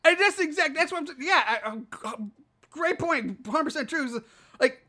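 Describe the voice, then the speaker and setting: A lively, swearing voice recapping a strange movie scene by scene, its pitch leaping up and down as it goes. The tone is bright and a little sharp, with an exasperated edge. It is casual podcast chat between friends. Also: moderate pace. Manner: profane, animated, exasperated retelling. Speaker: podcast co-host.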